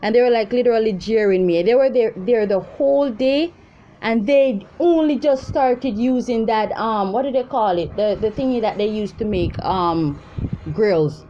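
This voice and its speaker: A woman's voice: on the high side, normal speed, warm tone, lo-fi sound. Ranting woman vlogger. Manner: profane, rambling, exasperated. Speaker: intuitive reader vlogger. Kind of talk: casual ranting commentary.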